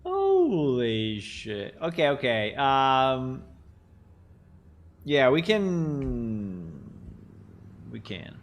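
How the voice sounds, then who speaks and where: Guy streaming game dev, slow and rambly, pitch jumps all over. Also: animated, a bit bright. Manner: rambling, amused, thinks aloud. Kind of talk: live development stream chat.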